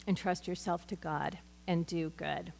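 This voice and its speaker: A woman's voice: fairly low pitch, steady tone, unhurried, creaky, darkish tone, a little hiss or hum. Earnest woman teaching Bible study, hall reverb. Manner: earnest and conversational, with personal anecdotes.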